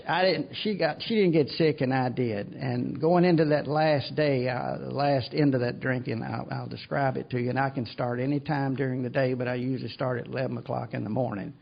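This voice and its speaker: Older man, gravelly, rambling self-deprecating storyteller at a recovery meeting; muffled lo-fi sound. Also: medium pitch, steady tone, moderate pace. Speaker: AA speaker. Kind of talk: recovery talk to an audience. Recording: dull lo-fi recording.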